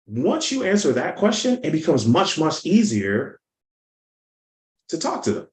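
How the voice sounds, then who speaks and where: A man giving an energetic sales lesson, telling stories and acting out the people in them. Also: a little high, a little slow, reverberant, poor audio. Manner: energetic, storytelling, acts out quotes. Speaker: sales coach. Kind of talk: motivational teaching talk.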